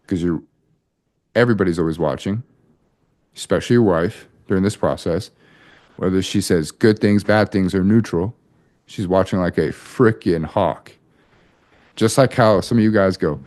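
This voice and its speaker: Lowish guy coaching husbands, swears a lot, acts out convos. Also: unhurried, long pauses, darkish tone. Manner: blunt, profane, acts out quoted dialogue. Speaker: marriage coach. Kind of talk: coaching talk to a group of men.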